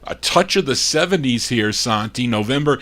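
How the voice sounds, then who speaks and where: A man's voice: medium pitch, expressive, normal speed, sharp tone. Guy hosting an oldies record show, chatty, trips over his words and reads off the labels, plain mid voice. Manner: chatty, reads label details aloud, stumbles and self-corrects. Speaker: radio show host. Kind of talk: casual record-spinning DJ patter.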